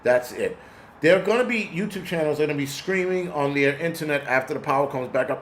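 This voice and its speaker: A man's voice: on the high side, expressive, fast talker, slight background noise. Angry, profane man ranting. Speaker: host. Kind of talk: casual rant vlog.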